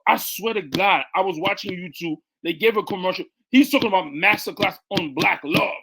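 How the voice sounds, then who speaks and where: A podcast co-host with a high-sitting, sharp voice speaks briskly. His comments are casual yet emphatic, and he often repeats his words to drive his point home.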